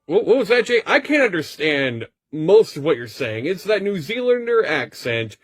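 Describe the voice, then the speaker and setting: A man's voice: high voice, big pitch swings, normal speed, breathy edge, dry recording. A man playing a mock sports reporter in a comedy bit, over-the-top and indignant. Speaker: comedy correspondent.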